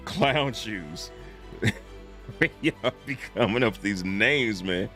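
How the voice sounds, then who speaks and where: A man with a very low voice chats casually on a live stream, loose and slangy and quick to chuckle. Faint music plays softly behind him. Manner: laid-back and slangy, chuckles often. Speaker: streamer reacting to game videos.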